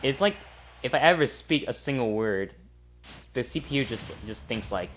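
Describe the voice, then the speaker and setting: A man giving live gameplay commentary, trash-talking the opponent and muttering between loud outbursts. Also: medium pitch, unhurried. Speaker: gamer. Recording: loud game music behind voice. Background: fighting game music and effects.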